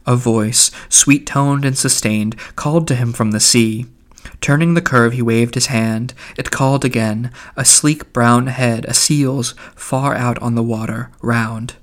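A man reading a literary novel aloud as an audiobook narrator, in a measured, even delivery. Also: mid-range voice.

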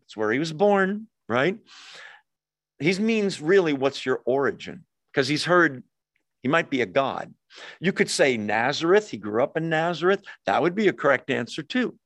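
A man teaching a Bible study in a relaxed, conversational tone. He poses questions and answers them himself, and he acts out quoted lines with a lifted voice. The sound is dry and close, with no room echo. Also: a little high. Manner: conversational, asks and answers his own questions.

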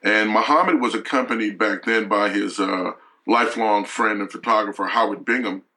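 A middle-aged man telling a personal story as a guest, halting and full of restarts. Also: lowish voice, sharp tone, poor audio. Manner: halting, with frequent restarts and fillers. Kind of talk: emotional storytelling.

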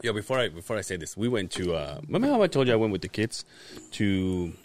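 A man's voice: on the low side, fast. A man co-hosting a podcast, telling stories in a loose, swearing, laugh-filled way. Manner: animated, swearing, laughs through his stories. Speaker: podcast co-host. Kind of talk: casual storytelling chat.

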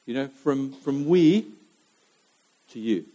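A man's voice: mid-range voice, animated, takes it slowly, mellow. A man preaching a sermon to his church, talking in a conversational way with fillers and repeated phrases.

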